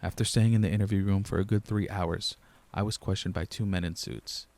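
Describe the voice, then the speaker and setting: A young man reading a first-person horror story aloud in a low-key, steady storyteller's way. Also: a little fast, gravelly. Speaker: narrator. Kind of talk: scripted horror narration.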